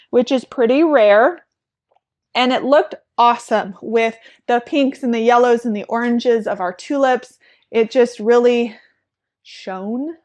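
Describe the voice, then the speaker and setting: A young woman with a slightly high voice talks casually about her farm in a how-to vlog. She is chatty and bubbly and says "like" a lot. She sounds like a friendly flower farmer sharing tips. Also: darkish tone. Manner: chatty and bubbly, with frequent "like" and laughter.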